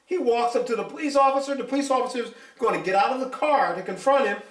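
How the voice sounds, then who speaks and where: An older ex-police officer talks fast in an extremely high-pitched voice, giving his views bluntly and emphatically in casual interview talk. He tells stories with animation, recorded in an echoey room by a mic set at a distance.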